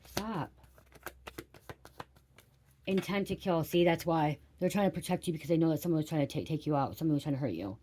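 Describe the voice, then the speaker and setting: A woman's voice: low voice, fairly quick, pauses often, mellow, slight background noise. A woman giving a casual tarot reading, chatting straight to her viewers and swearing when surprised. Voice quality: frequent swearing exclamations. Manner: chatty, addresses viewers directly. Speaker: tarot reader.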